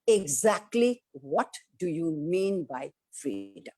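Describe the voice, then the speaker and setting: A woman's voice: a little high, very animated, moderate pace, a little mellow, soft background music. A woman with an Indian English accent, an actress giving an emphatic interview answer with rhetorical questions and acted-out quotes of other people. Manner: acts out quoted voices of family and society.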